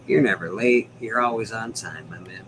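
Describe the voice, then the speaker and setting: A man's voice: fairly low pitch, moderate pace, a bit bright, a little hiss or hum, poor audio. A man hosting a casual livestream chat from home, rambling, laughing often and swearing now and then. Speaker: livestream host.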